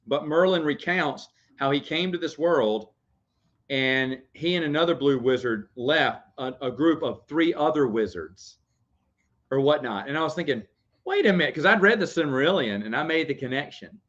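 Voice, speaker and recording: A young man vlogs casually on camera, his voice fairly high, expressive and a little bright at a normal speed. He rambles, laughs a lot and breaks off to talk to his baby. The recording sounds dull and lo-fi.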